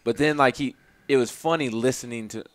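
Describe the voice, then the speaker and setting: A man's voice: mid-range voice, a little fast, no room sound. A man co-hosting a casual sports talk show, reading out coach quotes and chatting about football. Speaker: sports radio co-host.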